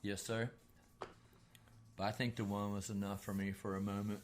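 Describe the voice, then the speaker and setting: A man's voice: lowish voice, level tone, moderate pace, slight background noise. A man co-hosting a casual podcast, rambling loosely, swearing freely and laughing often. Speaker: podcast co-host. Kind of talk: casual chat.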